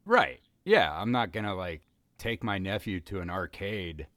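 A man's voice: deep voice, animated, a little slow, a bit bright, dry recording. A man co-hosting a comedy podcast, rambling through jokes in casual chat. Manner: rambling, many fillers and restarts. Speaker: podcast co-host.

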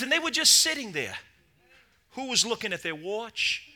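High, bright-voiced impassioned male pastor. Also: sing-song, normal speed. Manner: impassioned, rising to shouts and dropping to low asides. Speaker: lead pastor. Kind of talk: sermon.

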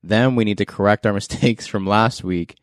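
A man's voice: on the low side, moderate pace, dry recording, clean studio sound. Laughing, joking male podcast host. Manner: laughs often, loose and joking. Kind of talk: casual podcast chat.

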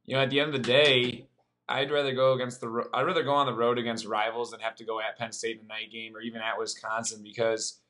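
Fast-talking man arguing his point. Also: mid-range voice, flat delivery, bright, forceful tone. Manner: rapid, run-on reasoning. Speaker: podcast guest. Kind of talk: casual sports chat.

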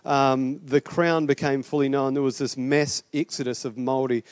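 A man's voice: mid-range voice, steady tone, moderate pace, dry recording. A middle-aged man with a New Zealand accent preaching a sermon as pastor, chatty and rambling with fillers and restarts.

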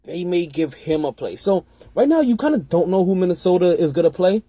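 A man's voice: sits high, expressive, fairly quick, mellow, breathy edge, dry recording. A man hosting a fantasy football podcast in a casual, rambling way, often repeating and correcting himself. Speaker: podcast host.

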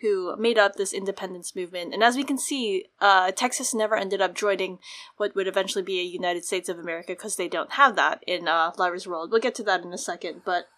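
A woman co-hosting a podcast who explains things in a chatty, easygoing way. Her voice is bright and sharp, at a middle pitch. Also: a little fast. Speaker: podcast co-host. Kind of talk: casual chat.

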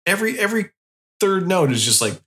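A man co-hosting an album review podcast, talking in a relaxed, rambling way. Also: high voice, a little fast. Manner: relaxed, rambling, lots of fillers. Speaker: podcast co-host. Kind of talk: casual chat reviewing an album.

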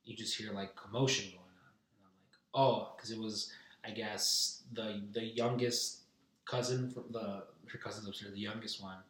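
A man's voice: lowish voice, level tone, normal speed, a bit bright. Young man telling a profane rambling story. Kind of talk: casual story in chat. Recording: roomy, distant mic.

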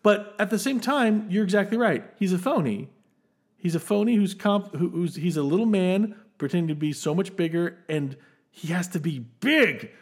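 A man co-hosting a film podcast talks at normal speed in a voice that sits high. He's casual, animated and enthusiastic, laughing often and restarting his sentences frequently.

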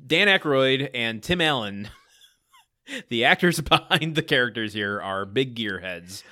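A man's voice: medium pitch, expressive, slow, bright, forceful tone, dry recording, clean studio sound. A man co-hosting a podcast, recapping a sitcom episode in a loose, casual way and laughing easily. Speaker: podcast co-host.

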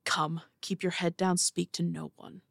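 A woman's voice: on the low side, level tone, measured pace, vocal fry, a bit bright, no room sound, clean studio sound, exaggerated voice. A woman voicing a strained, exasperated man who mutters under his breath.

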